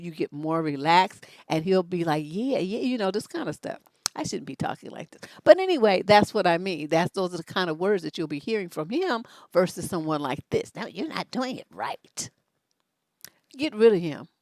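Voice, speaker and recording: A middle-aged woman hosting an unscripted relationship advice show, blunt and profane, with animated delivery. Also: medium pitch, no room sound, studio quality.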